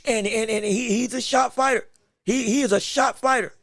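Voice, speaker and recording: A male podcast host giving live watch-along commentary on a fight, excitable and emphatic, shouting encouragement with a strained voice. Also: very high-pitched, moderate pace, no echo, clean studio sound. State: straining his voice.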